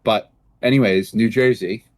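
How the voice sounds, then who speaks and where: A young man from Massachusetts rambles through a casual podcast chat in a lowish voice. He curses freely and gets animated when he acts out what people said to him. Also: normal speed. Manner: rambling, profane, animated in retold dialogue. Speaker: podcast co-host.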